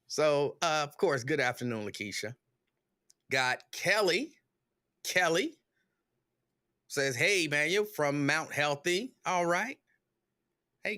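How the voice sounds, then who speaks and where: A man hosting a livestream talk show, greeting viewers one by one in a relaxed, chatty way. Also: fairly high pitch, dry recording, clean studio sound.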